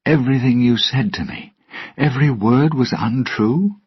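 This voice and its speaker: A man reading a storybook, voicing a spirited young woman in a raised, husky falsetto with an urgent, indignant manner. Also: takes it slowly, dry recording, exaggerated voice. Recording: dull lo-fi recording.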